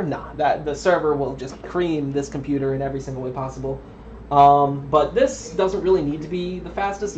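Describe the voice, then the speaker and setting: A man's voice: a little high, darkish tone. A young man chatting casually as he streams a computer build at home, rambling with frequent ums and drifting off the mic. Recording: dull lo-fi stream audio with faint noise.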